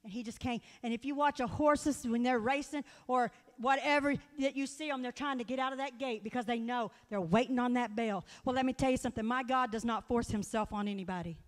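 A woman preaching in a church, her voice pitched high and carrying a long echo through the sanctuary. She talks in a folksy, earnest way, telling personal stories and turning to the congregation with direct appeals. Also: brisk, hardly any pauses. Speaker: guest speaker at church. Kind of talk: sermon. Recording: long hall reverb.

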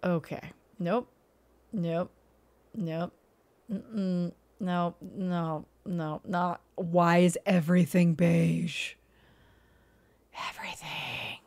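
Speaking very slowly, this woman has a lowish, darkish voice with fairly even intonation. She streams live commentary on house listings, mock-outraged and exasperated, cursing, laughing often and reacting with rhetorical questions.

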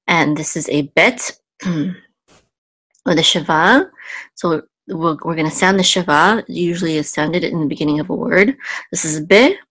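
A woman's voice: low voice, a bit bright, no echo. A woman teaching a Hebrew reading lesson, patiently sounding out syllables one by one with frequent ums. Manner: patient, spells out sounds slowly, thinks aloud with ums. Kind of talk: casual step-by-step lesson.

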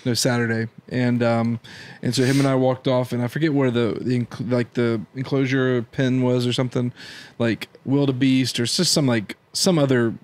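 A man's voice: mid-range voice, fairly even intonation, normal speed, a little mellow, a little hiss or hum. A man in his thirties co-hosting a church podcast, telling rambling anecdotes in casual chat. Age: 30s. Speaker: podcast co-host.

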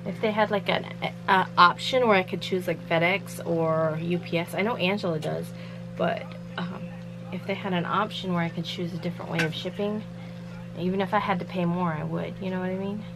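A chatty woman with a slightly low voice talks through a casual home vlog. She rambles and laughs easily. A clear hum runs under the recording. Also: steady tone, brisk. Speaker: vlogger running a shirt business.

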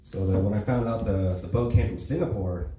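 The same kind of set: a Los Angeles-area man doing stand-up, his voice on the low side, mellow, and brisk. Casual and profane, his stories are peppered with "right?" tags, recorded from afar in an echoey club room with a little background noise.

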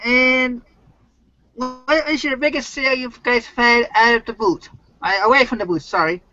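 High-voiced man hosting a call-in stream. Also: fairly even intonation, moderate pace, sharp tone, muffled recording, soft background music. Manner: plain, questioning interviewer. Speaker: host. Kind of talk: live-stream interview. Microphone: computer mic on an online call.

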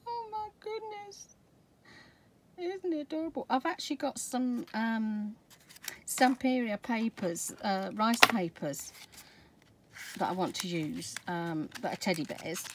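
A middle-aged Scottish woman chatting through an unboxing of craft supplies, gushing with excitement and dropping to soft whispers over favourite pieces. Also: medium pitch, unhurried. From Scotland. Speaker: craft vlogger. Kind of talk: product unboxing chat. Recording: background noise with crinkling packaging.

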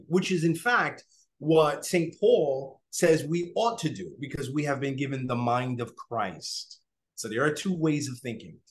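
A man leads a Bible study in a fairly high voice that swings widely in pitch. He keeps asking his listeners "right?" and acts out what people would say. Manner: animated, checks in with listeners often. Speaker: Bible teacher. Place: online class, remote listeners.

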